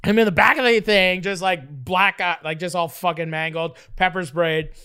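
Animated profane man telling a story. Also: high-pitched, moderate pace, clean tone. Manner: animated, profane, filler-heavy with many "like"s. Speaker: guest. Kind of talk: casual storytelling.

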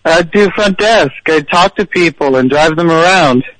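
A woman's voice: sits low, normal speed, poor audio. A woman calling in to a radio show, upbeat and eager. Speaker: caller. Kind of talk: phone-in chat.

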